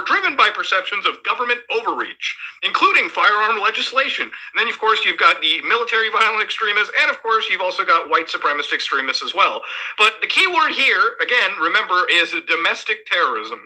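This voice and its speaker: Podcast co-host, male, high and very sharp tone, measured explainer, thin phone-line sound. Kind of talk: explaining a report in casual chat.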